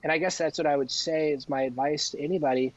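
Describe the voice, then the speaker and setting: A man shares stories as a podcast guest, earnest and rambling, with plenty of restarts. His voice sits a little high. The recording sounds dull and lo-fi. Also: steady tone, fast talker, slight background noise. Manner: rambling and earnest, often acting out what people said. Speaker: interview guest. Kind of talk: casual conversational storytelling.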